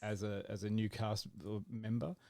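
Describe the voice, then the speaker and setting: A man's voice: fairly low pitch, flat delivery, normal speed, gravelly, darkish tone, no echo, studio quality. A man co-hosting a podcast in casual chat, rambling and acting out his own reactions. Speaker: podcast co-host.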